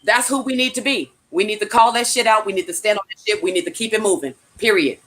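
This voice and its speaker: A woman's voice: mid-range voice, fast, fairly bright tone. A woman from California giving a casual motivational talk, blunt and profane, repeating her key phrases like a preacher.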